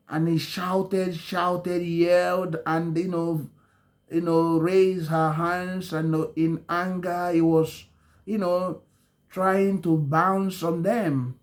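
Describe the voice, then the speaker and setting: Slow, halting male storyteller. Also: sits high, little pitch movement. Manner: halting, many ums and self-corrections, slow dramatic phrasing. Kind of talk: spoken storytelling.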